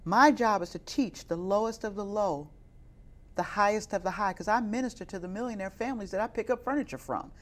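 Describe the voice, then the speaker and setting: A woman's voice: medium pitch, a little fast. A middle-aged woman from Chicago who works as a youth minister, telling her life story in an interview and rising into fervent, preaching-style passages. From west side of Chicago. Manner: earnest, rises into fervent preaching. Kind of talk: interview testimony.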